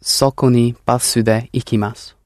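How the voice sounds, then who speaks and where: A man in a language class, giving careful, measured answers when the teacher prompts him. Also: mid-range voice, flat delivery, darkish tone, dry recording, studio quality. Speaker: student.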